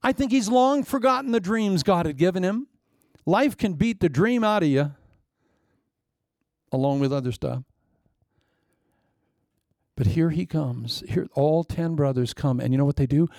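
A man preaching a sermon, telling a story with lively asides, acted-out lines and sound effects. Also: on the high side, unhurried, pauses often, no echo.

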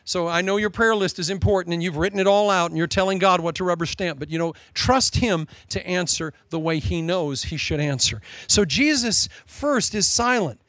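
A man preaching a sermon, switching between animated storytelling and joking asides, calling listeners "loved one.". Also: high voice, moderate pace, few pauses, no room sound.

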